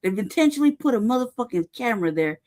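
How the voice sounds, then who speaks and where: A woman's voice: fairly high pitch, animated, fast talker, darkish tone. A woman angrily recounting events in casual, profane chat, stressing each point and often tagging "right?". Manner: heated, profane, emphatic; peppers talk with "right?" and "cuz". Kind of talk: casual storytelling.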